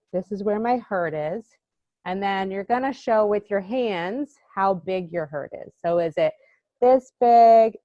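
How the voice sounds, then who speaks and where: A woman's voice: mid-range voice, dry recording. A woman teaches children over a video call, speaking to them directly in a cheerful, encouraging way. The sound is dry and a little dull. She keeps an easy, friendly pace. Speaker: EFT tapping instructor for children. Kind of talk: live virtual class for kids.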